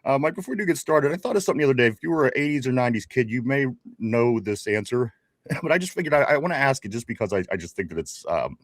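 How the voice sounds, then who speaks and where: Rambling man in his forties, lively pitch. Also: fast, no room sound, clean studio sound. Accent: Pittsburgh. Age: 40s. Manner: rambling, repeats greetings, laughs often. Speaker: podcast co-host. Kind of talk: casual sports talk show.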